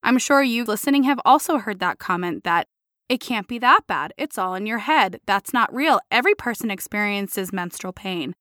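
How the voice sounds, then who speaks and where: Young female podcast co-host, playful, quick to laugh, animated higher voice, dry booth sound. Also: no echo. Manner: giggly and playful, laughing often. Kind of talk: casual chat.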